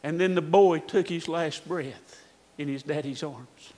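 High-voiced preacher telling a dramatic story. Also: male voice, unhurried, slight background noise. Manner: dramatic storytelling, swinging from hushed to shouting. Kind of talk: sermon. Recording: echoey hall reverb.

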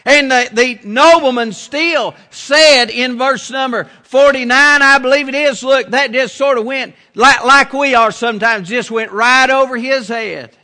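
A man preaching a sermon as pastor, slow and deliberate, repeating his phrases. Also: very high voice, sharp tone, big-room sound.

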